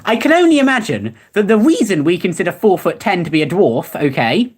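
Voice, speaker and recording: A young adult streamer laughs and rambles while casually reading out web search results. Their medium-pitched voice is husky and fairly quick, with big pitch swings.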